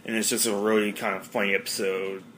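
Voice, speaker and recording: A man's voice: fairly low pitch, little pitch movement, fast talker, fairly bright tone, a little hiss or hum. A man hosting a casual podcast monologue, rambling with many fillers. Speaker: podcast host.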